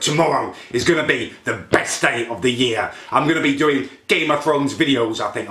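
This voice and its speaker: A man, a vlogger gushing with excitement while reacting to a trailer and swearing casually. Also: mid-range voice. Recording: echoey room with faint music.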